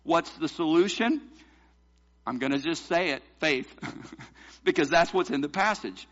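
Male pastor, emphatic sermon delivery, slightly high bright voice, muffled lo-fi recording. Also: lively intonation, unhurried. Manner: emphatic preaching, rhetorical questions to the congregation.

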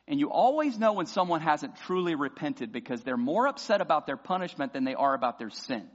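A man's voice: fairly high pitch, big pitch swings, brisk, few pauses. Impassioned man preaching in a reverberant hall. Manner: impassioned preaching, voices imagined prayers loudly. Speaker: pastor. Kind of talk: sermon. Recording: dull sound with long hall reverb.

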